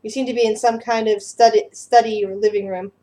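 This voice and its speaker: A young woman running a tabletop game, her fairly high voice stumbling over repeated words as she describes each scene. She narrates in a loose, unscripted way. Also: fairly even intonation, brisk, mellow. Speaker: game master.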